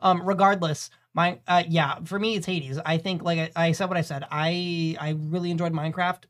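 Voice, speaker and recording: A man's voice: fairly high pitch, steady tone, normal speed, a bit bright. A man in his twenties co-hosting a casual podcast, bantering emphatically and swearing freely. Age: 20s. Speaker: podcast co-host. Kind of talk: casual chat.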